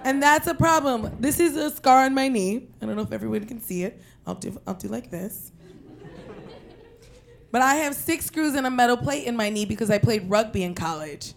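A young woman from Queens telling a personal story in an animated, profane way, breaking into loud shouted quotes. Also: on the high side, moderate pace, creaky, slight background noise. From Queens, New York.

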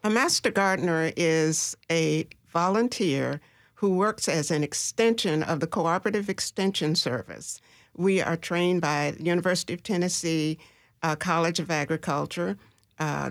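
A woman guest explaining gardening in a radio studio interview, speaking slowly and haltingly with many filler pauses. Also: sits low, creaky, dry recording.

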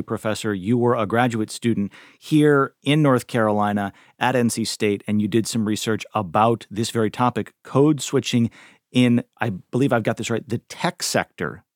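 A man co-hosting a radio show, asking a guest questions with some halting restarts. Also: on the low side, dry recording, clean studio sound.

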